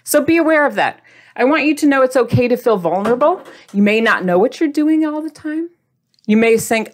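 A woman's voice: high voice, expressive, a little fast. A woman hosting a diet video series. She talks in a casual, motivational way, playful and chatty, and speaks straight to the viewer.

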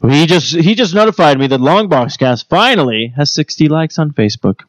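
A man's voice: on the high side, expressive, brisk, no echo. A man hosting a podcast, joking and teasing in casual chat with many fillers. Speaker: podcast host.

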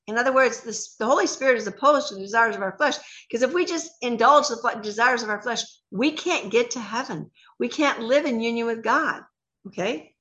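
Bright-voiced woman teaching the Bible on radio. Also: fairly high pitch. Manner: earnest, reads scripture slowly and explains it. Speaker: radio Bible show co-host.

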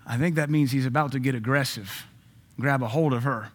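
A male pastor in the middle of a sermon, playful and quick with a joke. His voice sits at an everyday middle pitch, and he punctuates his points with amens. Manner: joking, punchy preaching with frequent amens.

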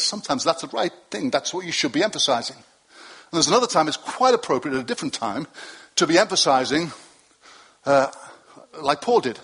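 A man's voice: on the high side, expressive, a little fast, long pauses, a bit bright, slightly rough. A middle-aged male pastor preaching to his congregation in a loose, conversational way, with asides and self-deprecating jokes. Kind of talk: sermon. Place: church hall with a congregation.

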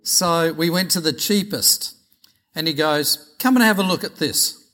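A middle-aged Australian pastor preaches by telling anecdotes. His voice sits a touch high. He is chatty and acts out each exchange with animation. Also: unhurried, fairly bright tone. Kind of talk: sermon storytelling.

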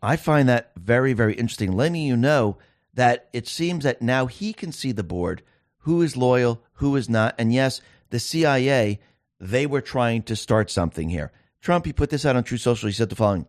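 A man in the host's seat delivering a commentary monologue, leaning on emphasis and throwing rhetorical questions at the listener. His voice sits at a middling pitch. The recording is dry and close, with no room sound at all. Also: lively intonation, moderate pace, no echo. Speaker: show host.

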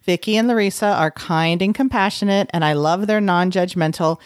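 A woman's voice: fairly low pitch, moderate pace, no echo, clean studio sound. A woman from Texas co-hosting a casual podcast, playful and teasing. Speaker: podcast co-host.

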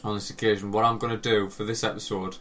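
A man's voice: on the low side, level tone, fast, fairly bright tone, a little hiss or hum. A young man, co-hosting a podcast in casual, sweary banter with lots of fillers. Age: young adult. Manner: laid-back banter, swears, trails off with fillers. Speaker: podcast co-host. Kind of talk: casual chat.

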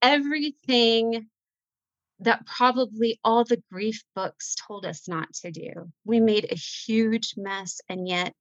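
A woman's voice: on the high side, slow pace, hardly any pauses, a bit bright, no room sound, dull audio. A middle-aged woman telling a heartfelt faith story as a guest, breaking into laughter. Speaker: guest author. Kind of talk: emotional faith conversation.

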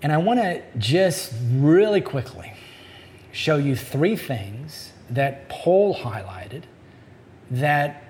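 A man preaching a sermon as a pastor, in a conversational way, slowing down to stress key points. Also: mid-range voice, darkish tone, slight background noise.

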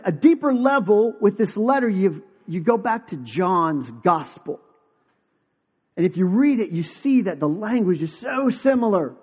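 Conversational preacher man in a hall. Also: high-pitched. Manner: conversational, drops to hushed emphasis. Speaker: pastor. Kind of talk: sermon.

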